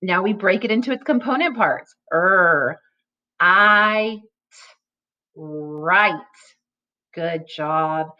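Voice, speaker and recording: A woman teacher giving a recorded phonics lesson to young children, speaking slowly and articulating every sound clearly. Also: fairly low pitch, expressive, lo-fi sound.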